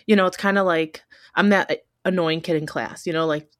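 A woman in her thirties tells a story from her own life in a low, dry-sounding voice. She rambles and restarts, peppering every thought with "like" and "you know". She stays candid and close to tears. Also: fairly even intonation, normal speed, fairly bright tone, no room sound. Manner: rambling, heavy use of filler words like "like" and "you know"; emotional and candid. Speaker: podcast host. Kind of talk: casual personal storytelling.

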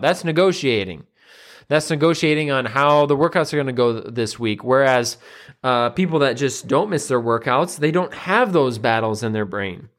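A man's voice: mid-range voice, lively intonation, moderate pace, a bit bright. A man, a nutrition coach and personal trainer, giving a casual motivational monologue and acting out the voices he quotes.

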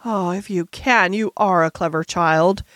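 A woman's voice: on the low side, unhurried, fairly bright tone, no echo, studio quality. A woman reading aloud, voicing a stern, cross middle-aged schoolmistress with a clipped, forced approving tone.

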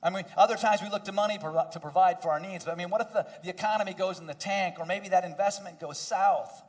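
A pastor delivers a sermon, talking conversationally to his congregation and dropping to a hush to stress key points. His voice is high-pitched and quick.

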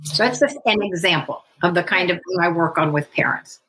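A woman psychologist speaking as a guest in a podcast interview, explaining in a measured, instructive way. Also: on the low side, a bit bright.

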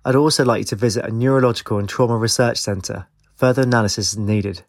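A man's voice: mid-range voice, fast, dry recording, lightly acted. A man reading a story, voicing a disapproving senior doctor in a dull, abrupt tone. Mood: curt.

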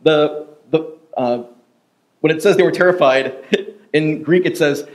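A man's voice: on the high side, measured pace. A man preaching a sermon in a church, casual and joking, full of fillers and asides. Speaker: pastor. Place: church sanctuary.

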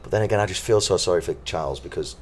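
A man's voice: sits low, racing. A young English man co-hosting a podcast, chatting casually and teasing his partner as he explains British words. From England. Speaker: podcast co-host. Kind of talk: casual chat. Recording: faint background noise.

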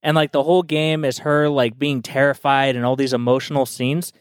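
A man's voice: mid-range voice, flat delivery, brisk, clear, resonant tone, dry recording. An enthusiastic young man in casual podcast chat, rambling eagerly through his explanations with plenty of "like" and "dude". His voice sits in the middle range and is recorded dry and close. He talks freely to friends around the table. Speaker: podcast co-host.

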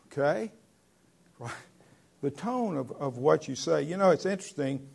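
A man preaching a sermon in an earnest, conversational way, with sudden loud stresses on key words. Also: a little high, lively intonation, unhurried, creaky, husky. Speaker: pastor.

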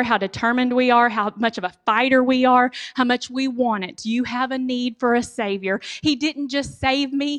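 A woman giving a storytelling sermon, animated and humorous, speaking directly to her audience. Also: a little high. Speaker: speaker giving a church talk.

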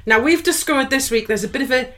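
A woman's voice: sits high, quick pace, a bit bright. A woman co-hosting a podcast in casual chat, playful and teasing, often laughing as she tells a story. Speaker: podcast co-host.

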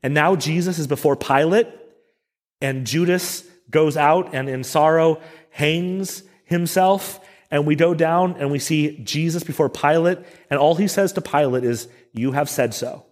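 A man's voice: fairly high pitch, a little slow. Middle-aged male pastor, conversational sermon. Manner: conversational preaching with self-deprecating asides. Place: church sanctuary. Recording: long church reverb.

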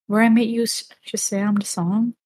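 A woman co-hosting a podcast in casual chat, talking in a playful, teasing way with quick asides. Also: mid-range voice, flat delivery, darkish tone, slightly rough. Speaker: podcast co-host.

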